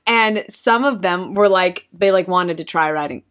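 A woman telling a lively convention anecdote in casual chat, laughing often and acting out what people said. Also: fairly low pitch, moderate pace, clean tone. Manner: animated, laughs often, acts out quotes.

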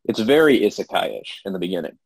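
A lowish, husky male voice that swoops up and down with lively intonation. He hosts the podcast in casual chat and keeps the conversation moving. The sound is close and dry. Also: a little fast, dry recording, low-quality recording. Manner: animated, steers the talk. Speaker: podcast host.

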